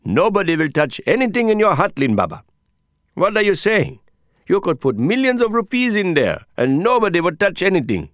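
A man's voice: high-pitched, very animated, normal speed, fairly bright tone, dry recording, clean studio sound, pitched above the performer's own voice. A man voicing a proud, touchy young slum dweller, speaking in an insistent, indignant way. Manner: indignant, insistent, later a scratchy whisper. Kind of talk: audiobook character voice.

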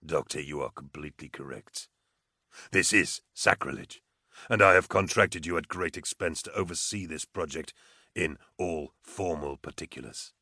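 A man voicing a cold, ruthless male treasure hunter who speaks in low, clipped, menacing tones. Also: moderate pace, bright, forceful tone, no room sound, clean studio sound, exaggerated voice. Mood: coldly menacing.

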